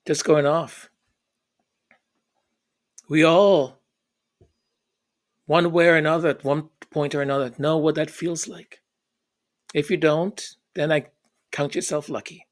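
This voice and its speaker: A man telling a personal story, halting and repeating words in an earnest way. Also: a little high, level tone.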